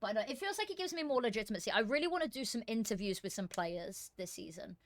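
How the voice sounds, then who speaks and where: Her voice runs on the high side, swinging widely in pitch as she talks fast, with no echo. She's a woman casting an esports qualifier on a stream, rambling casually with fillers and self-mocking remarks.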